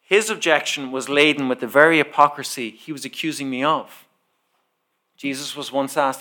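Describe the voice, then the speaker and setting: A man's voice: mid-range voice, moderate pace, long pauses. A man preaching a sermon, telling a personal story and acting out the dialogue as he goes. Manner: animated storyteller who acts out the dialogue.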